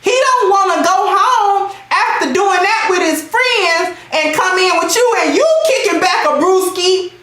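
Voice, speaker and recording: A woman hosting a livestream, talking loudly and emphatically in slangy, animated commentary and thanking chat commenters as she goes. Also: extremely high pitch, unhurried, hardly any pauses, heavy reverb, low-quality recording. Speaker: livestream host.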